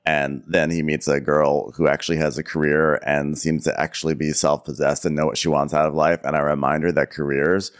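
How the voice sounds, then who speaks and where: A man's voice: very deep voice, little pitch movement, a little fast, few pauses, clear, resonant tone. A man co-hosting a comedic podcast that recaps reality TV, riffing with sarcastic jokes. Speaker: podcast co-host.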